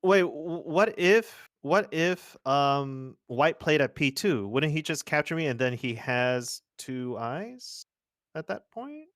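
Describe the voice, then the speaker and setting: A man's voice: fairly high pitch, lively intonation, slow, a bit bright, no room sound, clean studio sound. Eager joking man learning go. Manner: eager, self-joking, thinks aloud. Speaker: go student. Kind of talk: casual online lesson.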